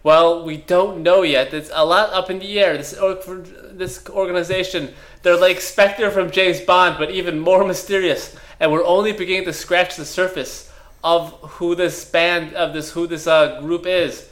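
A man's voice: sits high, steady tone, moderate pace, a bit bright. A man voicing a rambling, earnest male CIA mentor who lays out a mission, in a comedy podcast bit.

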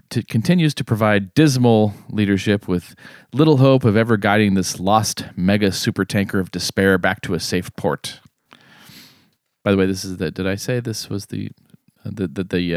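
A man with a lowish voice reads out his own sardonic commentary, wry and a little tipsy. The sound is dry and close, with no room around it. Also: dry recording. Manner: wry, sardonic delivery with throat clearing. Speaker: podcast co-host. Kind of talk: casual chat and read-aloud commentary segment.

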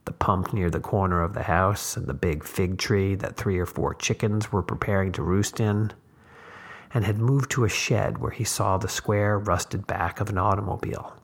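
A man, the host, reading a short story aloud in measured, unhurried scripted narration. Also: on the low side, vocal fry, husky.

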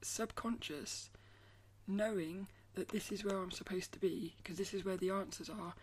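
Soft-spoken rambling woman vlogger. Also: medium pitch, fairly even intonation, moderate pace, slight background noise. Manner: rambling, repeats and restarts phrases. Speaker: artist vlogger. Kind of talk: casual talk to camera.

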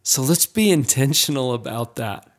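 A man hosting an interview, speaking in a reflective, deliberate way. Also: mid-range voice, lively intonation. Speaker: host. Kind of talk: interview conversation.

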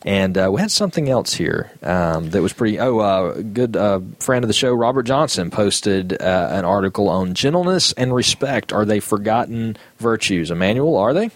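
A man hosting a casual podcast chat, talking in a halting way with many fillers as he reads out listener comments. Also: on the low side, lively intonation, dry recording. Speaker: podcast host.

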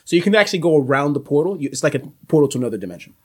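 Southern US man, game master, rambling narration, fairly high voice. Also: sing-song, racing, a little mellow, slightly rough. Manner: rambling, restarts mid-description.

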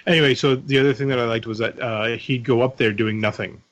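A man co-hosts a casual podcast about a book, chiming in with brief, agreeing comments. His voice sits at an ordinary middle pitch. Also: fairly even intonation, fast, fairly bright tone, slight background noise. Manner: chimes in with short agreeing remarks.

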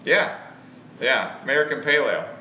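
A man hosting a beer podcast with his friend, sometimes slipping into a booming announcer-style voice, chatting casually. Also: animated, fairly quick, bright, forceful tone, echoey room, a little hiss or hum. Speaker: podcast host. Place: hotel or room on location.

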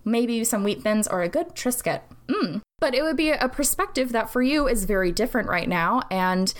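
A woman's voice: fairly high pitch, animated, normal speed. A woman hosting a casual solo podcast, giving advice with sarcastic jokes, swearing and playful asides. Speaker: podcast host.

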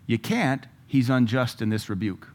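A middle-aged man preaching a sermon, emphatic, with loud bursts when he quotes scripture. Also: medium pitch, animated, moderate pace.

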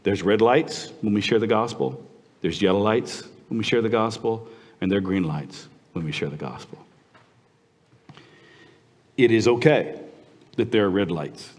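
Animated preacher in a reverberant hall. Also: male voice, lowish voice, normal speed, long pauses. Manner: animated, conversational preaching with sudden drops to quiet, intimate tones. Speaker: pastor. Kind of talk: sermon.

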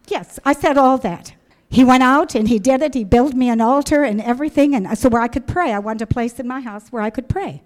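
A middle-aged woman from the American Midwest giving a personal religious testimony to an audience, animated and emphatic, acting out her own past words. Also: mid-range voice, fairly quick.

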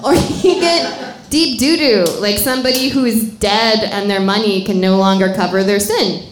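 A woman hosting a live comedy game on a bar stage, playful and quick to laugh. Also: mid-range voice, roomy sound, slight background noise. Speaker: game show host.

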